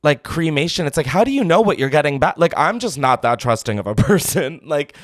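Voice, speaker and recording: A man's voice: fairly high pitch, big pitch swings, fairly quick, dry recording, clean studio sound. A man hosting a call-in show, chatting casually and bluntly, swearing freely and thinking aloud.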